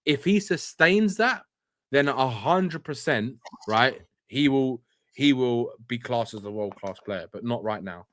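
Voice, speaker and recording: A man talking as a guest on a fan call-in show, measured and hedging, often repeating himself. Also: mid-range voice, lively intonation, fairly bright tone. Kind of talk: casual fan call-in chat.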